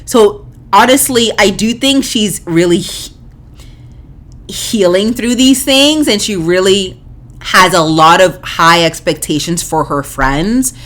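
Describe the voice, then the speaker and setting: A woman's voice: medium pitch, takes it slowly, a bit bright. A woman hosting a podcast, giving casual, opinionated commentary with frequent fillers and restarts. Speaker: podcast host. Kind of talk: casual commentary on a reality show.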